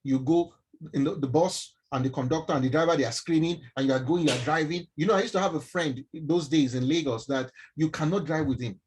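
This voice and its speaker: A man with a Nigerian accent gives an animated mentoring talk on a live stream and often asks his listeners questions. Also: on the high side, quick pace, a little hiss or hum, poor audio. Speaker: mentor speaking to young people.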